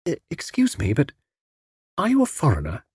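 Casting note: male reader as an earnest, hesitant young lady client, lively inflection, dry sound. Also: on the high side, moderate pace, slightly rough, no room sound, voice pushed up, full character voice. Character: nervous, earnest young country woman. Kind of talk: audiobook character voice.

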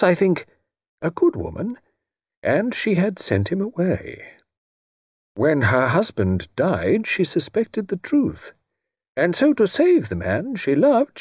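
A timid, fussy old gentleman, as a man puts him on in an audiobook, with a raised, lilting pitch. He speaks softly and precisely, with a husky edge to the voice. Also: no echo, clean studio sound, exaggerated voice. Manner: soft, precise, raised modest voice.

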